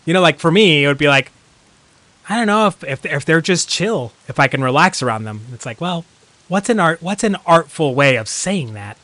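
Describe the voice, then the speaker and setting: A man talks casually while streaming a game. His voice sits a little high and sounds crisp and bright. He rambles through his thoughts with plenty of filler words and yelps at sudden in-game scares. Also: animated, moderate pace, no room sound. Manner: rambling, heavy use of "like" fillers; jumpy, reacts loudly to in-game surprises. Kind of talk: casual gameplay commentary.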